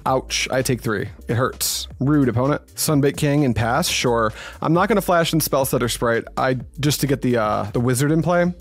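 A man's voice: mid-range voice, moderate pace. A man giving casual live commentary on his own card game, thinking aloud, talking to his opponent and swearing when annoyed.

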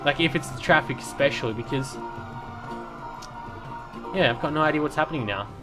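A man's voice: a little high, a little fast, music in the background. A man giving casual, rambling commentary while playing a city-building game, with lots of fillers and restarts. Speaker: let's play commentator.

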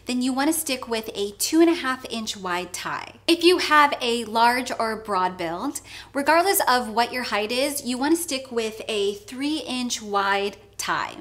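A woman's voice: fairly high pitch, lively intonation, measured pace, a bit bright. A woman hosting a menswear advice video, giving emphatic, opinionated instructions. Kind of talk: instructional fashion vlog.

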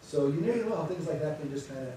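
Pastor, male, animated storyteller; distant mic, big room echo, faint hiss. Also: fairly high pitch, very fast. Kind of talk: church announcements before a sermon. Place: church sanctuary. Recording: echoey sanctuary, distant mic.

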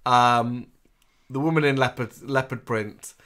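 A man's voice: medium pitch, steady tone, measured pace, a bit bright. A man from England co-hosting a live stream, chatting casually and reading out viewer comments. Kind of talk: casual chat.

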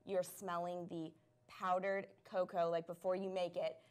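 A woman's voice: fairly low pitch, level tone, measured pace, darkish tone, smooth. A woman hosting a live product stream, chatting casually and gushing over the items with plenty of "um" and "like.".

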